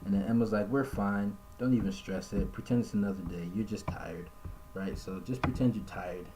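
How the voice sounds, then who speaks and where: A man streaming live commentary in a casual, conversational way, reading messages aloud and pitching his voice up for the quotes. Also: moderate pace, noisy background.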